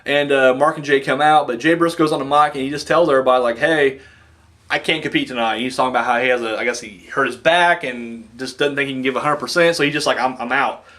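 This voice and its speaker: A man rambling excitedly through a wrestling show recap, acting out quotes with big jumps in his voice. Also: medium pitch, quick pace, few pauses. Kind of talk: casual recap monologue.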